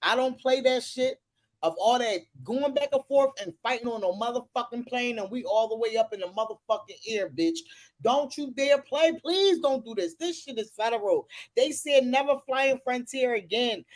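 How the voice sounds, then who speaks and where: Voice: mid-range voice, moderate pace, no room sound. Profane, dramatic gossip commentator. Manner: loud, profane and dramatic reactions.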